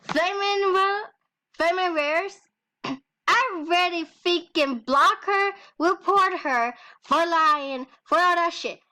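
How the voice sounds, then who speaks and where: A high, bright voice from a teenage girl venting her anger in a home vlog. She talks slowly and swears often, with nervous laughs breaking through the rant. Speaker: vlogger.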